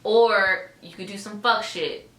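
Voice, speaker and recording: A woman's voice: mid-range voice, unhurried, sharp tone. A young adult woman co-hosting a casual podcast, talking bluntly and swearing freely. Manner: blunt, profane, mimics people in a breathy sympathetic voice. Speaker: podcast co-host. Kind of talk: casual chat. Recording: echoey room, faint background noise.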